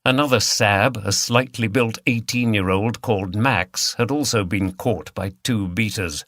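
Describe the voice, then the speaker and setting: Bright-voiced male audiobook narrator. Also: lowish voice, measured pace, dry recording, clean studio sound. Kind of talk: scripted narration.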